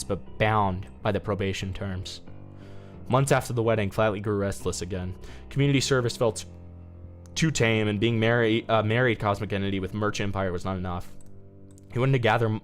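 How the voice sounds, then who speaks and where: A male streamer casually reads a fan story aloud, with asides and restarts. His voice sits a little low. Faint music plays under him.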